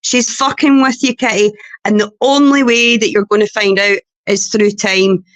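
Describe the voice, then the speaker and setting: A woman's voice: medium pitch, fairly even intonation, moderate pace, fairly bright tone, no room sound. A Scottish woman on a livestream panel, talking bluntly and swearing heavily. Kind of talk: heated livestream chat.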